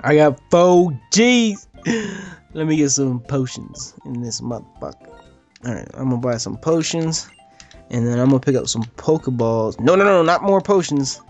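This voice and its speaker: A man's voice: mid-range voice, animated, normal speed, darkish tone, soft background music. A man commentating a game playthrough with a friend, cursing and laughing as he plays. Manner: profane, laughing banter. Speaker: let's play host. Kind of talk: casual gameplay commentary.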